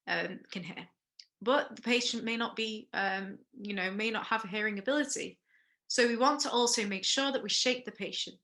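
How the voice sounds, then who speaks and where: A woman runs a first aid lesson with a bright, clear voice and a middling pitch. She explains each step in turn and stops to put questions to the class, checking in with frequent okays. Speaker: first aid workshop instructor.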